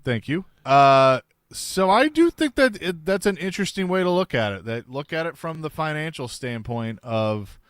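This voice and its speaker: A man hosting sports talk radio, reading listener texts and giving brisk opinions. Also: on the high side, very animated, clean tone, no room sound, studio quality.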